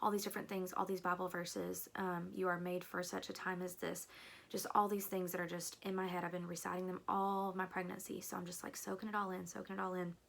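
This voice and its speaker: A woman's voice: fairly low pitch, flat delivery, fast talker, vocal fry. A young woman telling a long personal story to her viewers in a chatty, rambling way, with plenty of fillers and asides. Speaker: vlogger. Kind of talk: casual storytelling.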